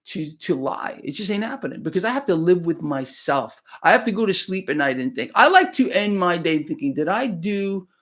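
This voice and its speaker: A man hosting a live stream, talking emphatically and preachily and often checking in with "okay?". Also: fairly high pitch. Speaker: livestream host. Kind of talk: casual live-stream talk.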